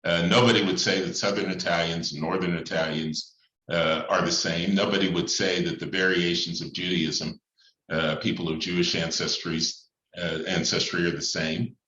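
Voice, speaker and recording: A man with a very low, bright-edged voice talks slowly and deliberately, stopping often to find his words. The room echoes around him, and the sound is a little dull. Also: flat delivery, a little hiss or hum. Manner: thoughtful and measured, with frequent pauses and fillers. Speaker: priest. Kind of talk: reflective talk on church and society.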